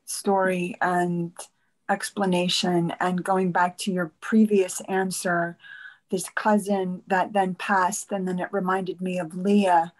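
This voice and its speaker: A woman student thanking her teacher, speaking hesitantly with pauses and fillers. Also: on the low side, flat delivery, rough recording. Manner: hesitant, grateful, halting with fillers. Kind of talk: question in class.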